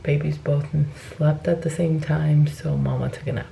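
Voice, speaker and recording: A woman's voice: sits low, fairly even intonation, moderate pace, creaky, mellow, a little hiss or hum, rough recording. A woman in her thirties, a mother, chatting casually to camera in a vlog and sometimes a little out of breath. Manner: chatty, talks straight to camera. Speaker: vlogger.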